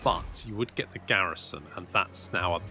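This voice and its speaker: A man's voice: low voice, moderate pace, music in the background. A man commentating his own strategy game play, thinking aloud and muttering asides as he goes. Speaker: gameplay commentator.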